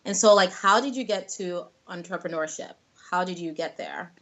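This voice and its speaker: A woman's voice: on the low side, normal speed, a bit bright, muffled recording. A woman hosting a podcast, speaking in a thoughtful, reflective way with casual fillers. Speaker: podcast host. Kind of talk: casual interview.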